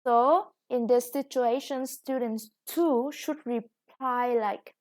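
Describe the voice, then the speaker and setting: Slow, careful woman teacher. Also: fairly high pitch, darkish tone. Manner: slow, deliberate, stresses each new word. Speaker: English teacher. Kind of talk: recorded classroom lesson.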